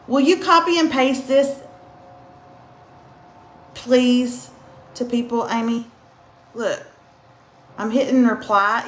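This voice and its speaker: A woman, chatting and joking with viewers on a bedtime livestream at home. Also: on the high side. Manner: chatty, joking, talks straight to commenters. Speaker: livestream host. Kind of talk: casual live chat to viewers. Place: her home, getting ready for bed. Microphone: phone livestream.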